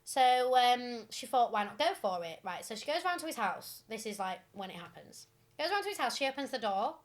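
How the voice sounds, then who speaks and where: A young woman co-hosting a podcast, retelling listener stories in a casual, animated way with lots of fillers and giggles. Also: on the high side, a little fast. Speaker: podcast co-host.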